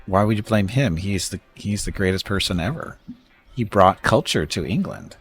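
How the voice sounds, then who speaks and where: A very low, gravelly male voice with a lively, up-and-down delivery. He rambles in a chatty way as he streams a space strategy game, stopping to thank viewers and joke about how words are pronounced. Faint game music sits behind him. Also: moderate pace. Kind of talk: casual live-stream commentary.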